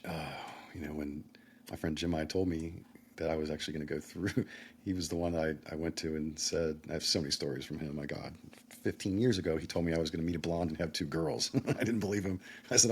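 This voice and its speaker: Middle-aged man, low husky voice, rapid rambling vlog storytelling that keeps breaking into laughter. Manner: rambling, excitable, laughs between phrases. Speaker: vlogger. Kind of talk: personal storytelling monologue.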